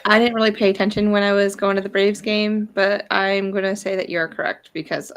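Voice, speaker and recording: A woman's voice: medium pitch, little pitch movement, fairly quick, low-quality recording. Female co-host, mid-range voice, easygoing and affirming. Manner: easygoing, agreeable, frequent affirmations. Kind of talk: casual chat.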